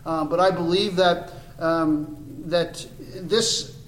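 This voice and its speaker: A man's voice: a little high, fairly even intonation, slow pace, roomy sound, poor audio. A man preaching an expository sermon in a church, earnest and building to emphatic declarations.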